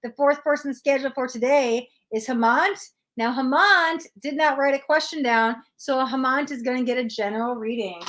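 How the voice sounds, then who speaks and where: A woman's voice: sits high, normal speed, hardly any pauses, a bit bright. Blunt, chatty woman tarot reader. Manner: blunt, chatty, reads out chat comments. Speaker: tarot reader hosting a live stream. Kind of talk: live-stream tarot reading, chatting with viewers.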